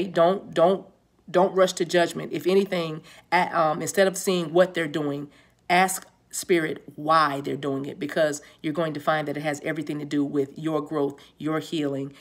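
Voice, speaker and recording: A woman's voice: low voice, slightly rough. A woman giving a casual tarot reading to her viewers, chatty and repeating herself, with laughs often. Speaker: tarot reader.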